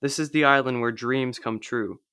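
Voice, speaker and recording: A man's voice: mid-range voice, steady tone, normal speed, bright, forceful tone, smooth, no echo, clean studio sound, lightly acted. A man reading aloud as a wild-eyed castaway, pleading and frantic with fear.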